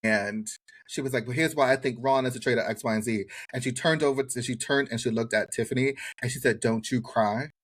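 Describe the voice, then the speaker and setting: A man's voice: mid-range voice, brisk. A man co-hosting a podcast with an American accent, recapping a reality show in casual chat and acting out what people said. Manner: animated storyteller acting out quotes. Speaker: podcast co-host.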